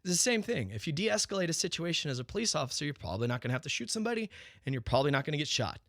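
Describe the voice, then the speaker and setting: A man's voice: on the high side, big pitch swings, very fast, fairly bright tone, no room sound, studio quality. A man hosting his own talk show, ranting profanely in an unscripted monologue, firing rhetorical questions and restarting his sentences.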